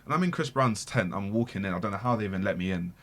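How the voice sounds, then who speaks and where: Low-pitched male guest, animated slangy storyteller. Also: very fast. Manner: animated, slangy, repeats words for emphasis. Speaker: podcast guest. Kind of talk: casual storytelling.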